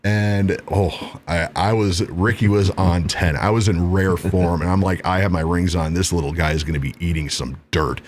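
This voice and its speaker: A man hosting a talk show, telling a bar story in casual, profane, animated speech. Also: low voice, brisk, few pauses, a little hiss or hum.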